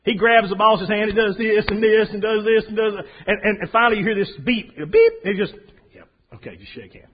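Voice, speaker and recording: A man preaching a sermon in a folksy, storytelling way, swinging from soft asides to loud emphasis. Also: high-pitched, fairly even intonation, fast talker, few pauses, slight background noise. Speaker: pastor. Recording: dull lo-fi sound.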